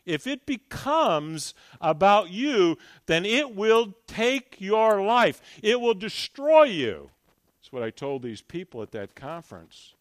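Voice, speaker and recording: An older man giving a fervent sermon as a guest speaker, moving from loud exhortation to quiet personal storytelling. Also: high-pitched, sing-song, slow pace, no room sound, studio quality.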